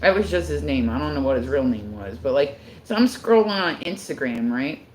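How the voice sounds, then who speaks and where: A woman's voice: deep voice, lively intonation, a little fast, roomy sound, low-quality recording. A woman chatting casually on her livestream, rambling with constant filler words and frequent swearing.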